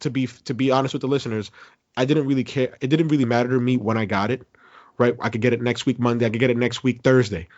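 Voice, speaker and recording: A man's voice: mid-range voice, fast, no room sound. A man telling a rant, dull lo-fi audio. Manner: animated, profane, acts out his own quotes. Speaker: podcast co-host. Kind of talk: casual storytelling chat. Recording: dull lo-fi podcast recording.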